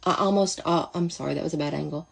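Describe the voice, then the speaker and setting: A woman's voice: deep voice, quick pace, creaky, slightly rough. A woman talking casually through a makeup demonstration, chatty and thinking aloud as she goes. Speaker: makeup seller demonstrating products.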